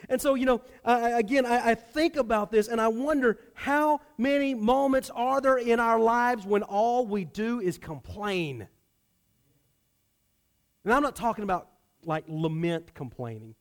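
A man preaching a sermon, a pastor who swings from loud emphasis to hushed, low delivery. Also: unhurried.

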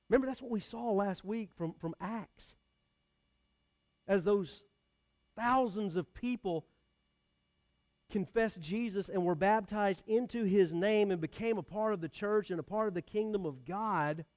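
A man's voice: high voice, darkish tone. A man preaching a sermon, talking directly with his congregation in a conversational way. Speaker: pastor.

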